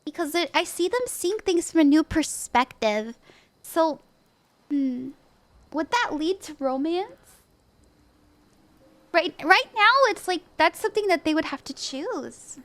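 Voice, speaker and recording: A woman's voice: very high-pitched, expressive, measured pace, pauses often, fairly bright tone. A woman hosting a livestream, giving casual tarot readings in an upbeat, chatty way, with frequent laughs and lots of "like" and "you know". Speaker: tarot reader and stream host.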